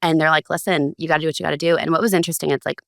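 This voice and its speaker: A woman, a podcast guest, telling stories in a casual, animated way and acting out the lines of others with big jumps in pitch. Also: racing, creaky, dry recording, studio quality. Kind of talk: casual storytelling.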